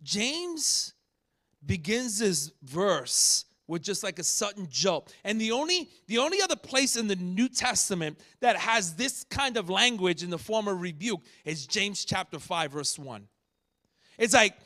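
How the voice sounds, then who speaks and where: Guy preaching a sermon, really high bright voice, swings up and down a lot. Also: moderate pace. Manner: animated preaching, acts out rebukes with rising shouts. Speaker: pastor.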